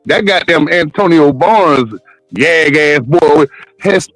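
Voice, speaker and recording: Guy with a high bouncy voice, crude and mocking, dry close mic. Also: slow, a bit bright, no room sound, faint music behind, low-quality recording. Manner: crude, mocking, laughs often. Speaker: panel caller. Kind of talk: casual chat.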